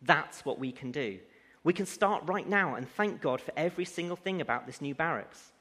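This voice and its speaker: A man's voice: a little high, moderate pace, breathy edge, voice pushed up. A man reading a serene, faithful woman. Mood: encouraging. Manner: calm, gently insistent. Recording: long hall reverb.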